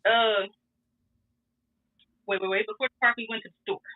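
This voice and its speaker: A young woman telling a story in casual chat, animated and profane, laughing as she goes. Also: fairly high pitch, normal speed. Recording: tinny phone-like sound.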